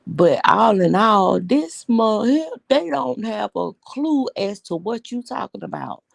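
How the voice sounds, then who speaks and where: A woman's voice: medium pitch, lively intonation, slow pace, creaky, no echo. A woman hosting a casual live stream, telling stories bluntly and with profanity as she greets viewers.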